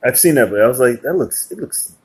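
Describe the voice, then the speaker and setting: A husky-voiced podcast host talks in casual chat. The host is chatty, laughs easily and fills pauses with quick agreements. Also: medium pitch, animated, a little mellow. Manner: chatty, laughs often, lots of filler agreement.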